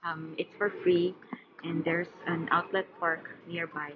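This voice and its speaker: A woman talks casually to her camera on location. She speaks slowly in a lowish voice, relaxed and chatty. Clear outdoor ambient noise surrounds her on the camera mic. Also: narrow, tinny audio. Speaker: travel vlogger. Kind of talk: casual on-location vlog talk. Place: outdoors on location while traveling.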